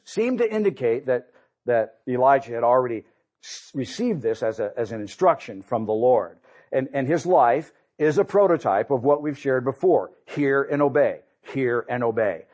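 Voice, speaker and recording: A man's voice: mid-range voice, a little mellow. A man preaching a sermon, conversational, often repeating and restarting words.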